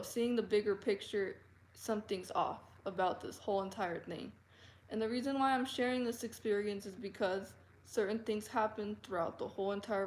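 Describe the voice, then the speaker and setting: A woman telling a personal story to camera in an earnest, halting way, full of fillers and restarts. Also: mid-range voice, a little hiss or hum. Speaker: vlogger. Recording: roomy echo.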